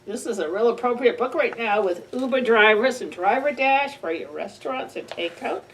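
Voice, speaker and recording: A woman reads a picture book aloud to children with a slow, playful delivery and lots of animal sounds. Her voice is on the higher side and swings widely in pitch. She sounds a little far from the mic, with faint ambient noise in the room. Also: animated. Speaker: children's librarian. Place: library.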